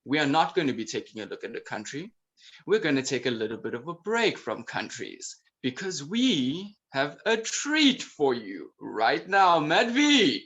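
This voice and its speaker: A man's voice: medium pitch, big pitch swings, normal speed, fairly bright tone. A man hosting an online conference, introducing segments and quizzing his co-host in a playful, exclamatory way. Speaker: event host. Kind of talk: enthusiastic emcee patter.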